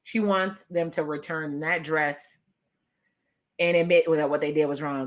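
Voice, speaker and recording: A woman vlogger giving a casual, sassy recap rant with animated delivery and laughing asides. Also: deep voice, measured pace.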